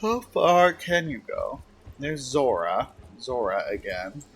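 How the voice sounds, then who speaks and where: A man's voice: medium pitch, sing-song, slow pace, slight background noise. A man streaming a game from his room, talking to the screen in a sassy, teasing way. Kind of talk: casual gameplay commentary.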